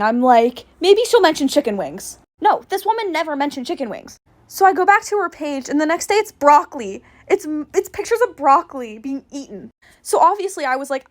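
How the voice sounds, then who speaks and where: A young woman telling funny stories in a casual storytime style, with animated, exaggerated reactions. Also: sits high.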